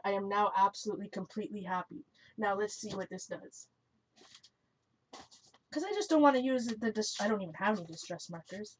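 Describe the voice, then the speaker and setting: A woman's voice: mid-range voice, lively intonation, a little fast. A woman hosting a live stream, chatting casually as she crafts, often correcting herself, laughing, and answering viewer comments aloud. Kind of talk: casual chat while crafting. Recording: dull lo-fi recording.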